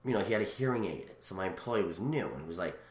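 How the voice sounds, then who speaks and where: A man with a very low voice talks quickly and excitedly, piling up stories with plenty of restarts and asides. His casual chat is recorded in a noticeably echoey room. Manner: rambling, animated storyteller with many restarts. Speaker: guest.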